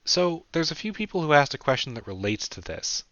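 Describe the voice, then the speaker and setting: A man voicing a teasing, deadpan young woman interviewer in an audiobook, asking dry pointed questions. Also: a little high, brisk, dry recording, voice pushed up. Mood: probing. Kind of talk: audiobook character voice. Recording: dull dry lo-fi recording.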